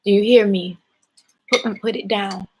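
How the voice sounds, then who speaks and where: A woman talks to her child in a calm, measured way, steering her with patient questions. She is holding back tears as she speaks. Her voice sits at an ordinary pitch for a woman. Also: a little hiss or hum, poor audio. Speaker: mother. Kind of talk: parent talking a child through a mistake.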